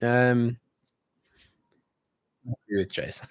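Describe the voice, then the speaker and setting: A man's voice: mid-range voice, level tone, a little slow, long pauses, fairly bright tone, no room sound. A man hosting a casual live-stream Q&A, reading viewer comments aloud and bantering about them.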